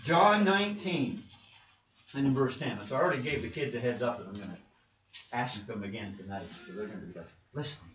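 A man's voice: mid-range voice, brisk, fairly bright tone. A male pastor preaching a conversational sermon in a church, asking his congregation rhetorical questions. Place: church sanctuary. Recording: roomy, distant, dull church recording.

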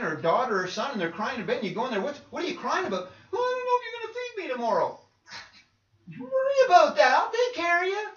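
Brief: high-voiced male preacher, chatty sermon, heard from afar in an echoey church. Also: a bit bright. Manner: conversational preaching with rhetorical questions. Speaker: pastor. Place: church sanctuary. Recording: roomy, distant, dull church recording.

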